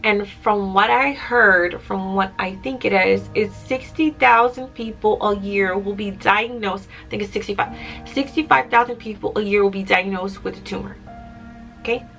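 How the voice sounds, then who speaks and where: A woman's voice: mid-range voice, normal speed, vocal fry, a bit bright, faint music behind. A young adult woman telling a personal story in a casual vlog, chatty and emotional at times. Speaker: vlogger.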